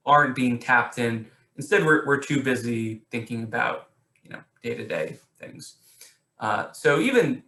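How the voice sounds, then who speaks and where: A male teacher leads an online poetry class, his voice bright and ringing in an echoey room. He stops and restarts often and keeps asking his students questions. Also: mid-range voice. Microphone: video call.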